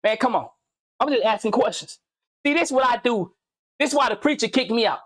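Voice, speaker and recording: A man's voice: very high-pitched, lively intonation, brisk, a bit bright. A man hosting his own commentary video, talking casually and animatedly in slang, repeating himself and firing off pointed questions. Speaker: commentary channel host.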